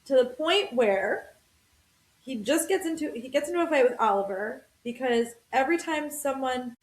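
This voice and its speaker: A woman in her thirties with a fairly high voice rants with animated energy as a podcast host. Her quick asides and emphatic turns carry through a room with a noticeable echo. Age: 30s. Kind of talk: casual podcast chat. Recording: roomy echo.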